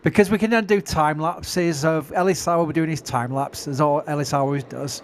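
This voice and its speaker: A middle-aged man with a Yorkshire English accent chats casually on a livestream. His voice sits a little high, and he is self-mocking and laughs easily. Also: normal speed, a little hiss or hum. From England. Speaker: livestream commentator.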